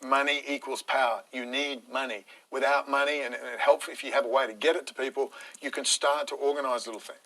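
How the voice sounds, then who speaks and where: Aussie guy ranting on a live stream, bright forceful voice, blunt and sweary. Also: medium pitch, steady tone, fairly quick, few pauses, low-quality recording.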